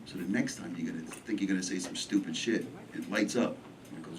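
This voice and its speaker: A man's voice: on the low side, lively intonation, fast talker, noisy background. A man with a New York accent doing stand-up, brashly teasing people in the audience. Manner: brash, teasing, riffs with the crowd. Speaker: stand-up comedian. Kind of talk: stand-up crowd work. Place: comedy club. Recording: live club set, far mic, loud crowd.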